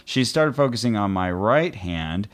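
Amused man podcast co-host, lowish voice. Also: lively intonation, measured pace. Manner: amused, thoughtful storytelling. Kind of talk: casual chat.

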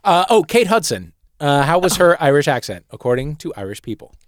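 Lively teasing male podcast quiz host. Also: fairly quick, no echo, clean studio sound. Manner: playful, teasing quizmaster, lively pitch. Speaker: game show host. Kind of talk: comedy podcast game show.

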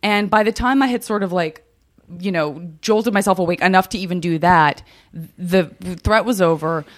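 A woman's voice: fairly low pitch, normal speed. A woman hosting a podcast who tells stories in a wry, chatty way and laughs easily. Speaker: podcast host. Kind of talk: casual chat.

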